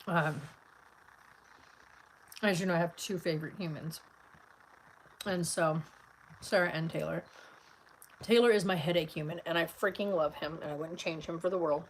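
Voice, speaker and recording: A woman's voice: lowish voice, fairly even intonation, moderate pace, pauses often, a little hiss or hum, low-quality recording. A middle-aged woman vlogging in a casual, rambling chat, tired and full of fillers, talking from a car.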